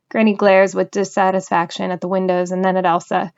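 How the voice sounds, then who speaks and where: A woman reading a novel aloud in an even storytelling manner. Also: mid-range voice, quick pace, vocal fry, hardly any pauses, lo-fi sound. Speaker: audiobook reader.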